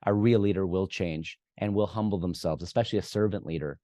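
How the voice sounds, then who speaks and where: A man's voice: deep voice, fairly quick, warm tone, no room sound. A man speaking as a guest expert in an interview, giving direct, emphatic advice and acting out the lines he suggests people say. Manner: direct, emphatic, acts out what to say. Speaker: guest expert on workplace conflict.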